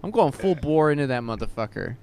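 A man's voice: mid-range voice, expressive, brisk, gravelly, a little mellow. A man co-hosting a podcast, rambling and self-mocking in loose casual chat with plenty of swearing. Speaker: podcast co-host.

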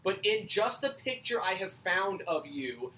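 A woman co-hosting a casual podcast, excitable and quick to swear. She laughs often. Her tone is bright, with a faint hiss of noise behind her. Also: mid-range voice, poor audio. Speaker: podcast co-host. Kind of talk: casual chat.

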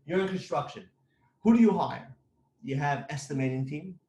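A man's voice: on the high side, normal speed, mellow, echoey room, a little hiss or hum. A man who runs a construction company giving blunt, emphatic business advice, repeating his points.

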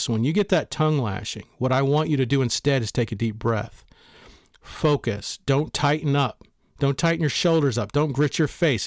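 A man lectures in a blunt, emphatic, somewhat preachy way, giving motivational advice on a podcast. His voice sits at an ordinary pitch. It is recorded close and dry, with no room sound. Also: dry recording. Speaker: podcast host and author. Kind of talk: motivational talk on leadership.

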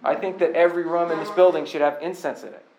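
A man's voice: fairly high pitch, steady tone, quick pace, a little mellow, muffled recording, a little hiss or hum. A man preaching a sermon in a loose, joking, conversational way, with a Boston accent, in a church. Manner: humorous, conversational, mimics other voices. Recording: echoey room.

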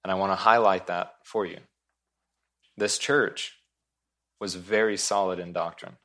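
Male pastor with a deep voice, earnest and emphatic, restating key lines. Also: fairly even intonation, a little slow, bright, forceful tone. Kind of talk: sermon.

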